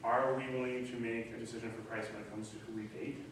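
A middle-aged man preaching a sermon as pastor, animated and acting out voices in the quoted dialogue. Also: medium pitch, fast talker. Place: church hall. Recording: echoey room from a distance, faint noise.

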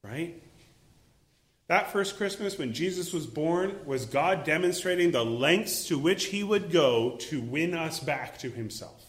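Animated preacher man in an echoey room. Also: fairly high pitch, unhurried. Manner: animated, acts out voices and exclaims. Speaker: pastor. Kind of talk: sermon.

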